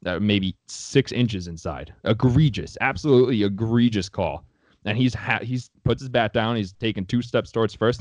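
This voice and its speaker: A man's voice: lowish voice, normal speed, dry recording. A young man co-hosting a casual sports podcast, blunt and opinionated and swearing freely.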